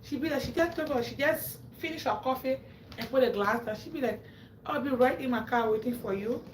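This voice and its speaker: A woman's voice: sits high, brisk. A woman hosts a livestream and tells stories to her viewers. She laughs often and acts out what people said. The sound is roomy, with a faint hum of room noise behind her. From Africa. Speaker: livestream host. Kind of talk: animated storytelling to a live audience.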